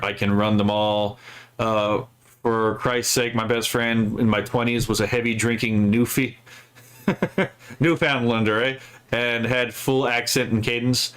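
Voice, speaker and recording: A man's voice: mid-range voice, a bit bright, smooth. A man hosting casual political commentary, rambling and profane, checking in with "right?" after his points. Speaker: streamer host.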